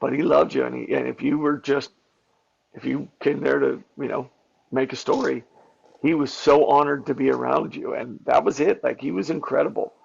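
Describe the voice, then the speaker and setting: A man with a very gravelly, husky voice tells behind-the-scenes stories as an interview guest. He talks in an animated rush of fillers and restarts. The audio is dull and lo-fi. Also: mid-range voice, moderate pace. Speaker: stuntman and actor guest. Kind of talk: candid interview storytelling.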